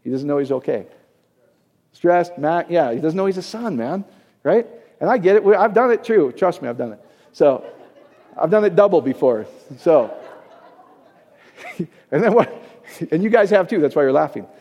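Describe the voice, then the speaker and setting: Male pastor, conversational sermon, fairly high voice, mellow tone, long hall reverb. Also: expressive, moderate pace, pauses often. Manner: conversational preaching, checking in with the audience.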